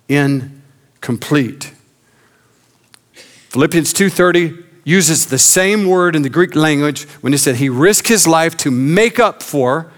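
A man preaching a sermon as pastor, earnest, slowing and dropping his voice low for emphasis.

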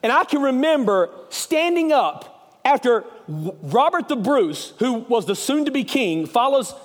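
High-voiced Southern preacher in an echoing hall. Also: male voice, big pitch swings, measured pace. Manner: passionate, storytelling, swings from loud to hushed. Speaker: evangelist. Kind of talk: sermon.

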